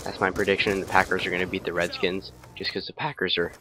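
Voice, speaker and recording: A man's voice: low-pitched, flat delivery, quick pace, noisy background. A tired young man rambling through casual gameplay commentary, with lots of fillers. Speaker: gaming commentator.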